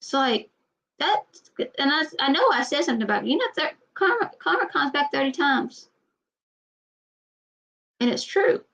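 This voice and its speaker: A woman vlogging in casual personal talk, halting, often repeating herself and trailing off. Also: sits high, lively intonation, gravelly, fairly bright tone, highs cut off.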